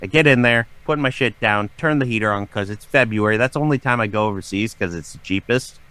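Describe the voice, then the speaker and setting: Profane, animated man telling a story. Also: fairly low pitch, quick pace, smooth, no echo. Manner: profane, dramatic, acts out his own shouting. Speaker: podcast guest.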